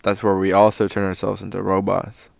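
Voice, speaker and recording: A man's voice: deep voice, completely flat delivery, fairly quick, creaky, no echo, studio quality. A tipsy man co-hosting a casual podcast, laid-back and goofy, saying bro a lot. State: intoxicated. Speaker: podcast co-host.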